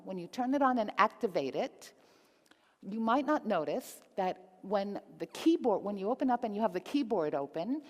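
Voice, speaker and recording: A woman giving a live conference talk, upbeat and often asking the audience questions. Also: mid-range voice. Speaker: conference speaker. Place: conference hall. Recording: reverberant hall.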